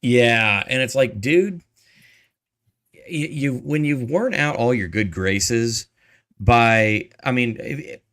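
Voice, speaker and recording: A man's voice: mid-range voice, takes it slowly, fairly bright tone. A man who is a guest on a podcast, chatting over a video call and airing emphatic, exasperated opinions. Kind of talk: casual chat.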